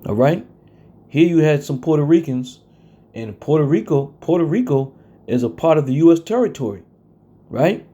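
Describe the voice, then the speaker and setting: A man preaching a sermon from scripture. He talks bluntly and confrontationally, and reads verses slowly with heavy stress. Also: fairly high pitch, animated, warm tone, husky, muffled recording.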